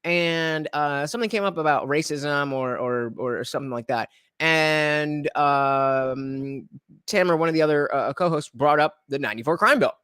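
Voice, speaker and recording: A man's voice: a little high, normal speed, fairly bright tone, smooth, no echo, clean studio sound. A man hosting a livestream reaction, talking in a rambling casual way with many fillers and restarts.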